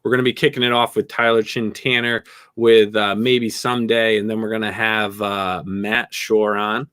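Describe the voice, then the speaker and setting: A man's voice: fairly low pitch, level tone, normal speed, fairly bright tone, smooth, no room sound, clean studio sound. A male host of an online show, chatting casually with jokey, playful banter. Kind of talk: casual livestream chat.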